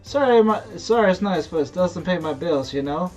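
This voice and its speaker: A game voice actor voicing a feisty, folksy Southern woman photographer with a drawl, talking loud and quick to bristle. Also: mid-range voice, lively intonation, highs cut off, soft background music, lightly acted. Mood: huffy. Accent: American Southern drawl.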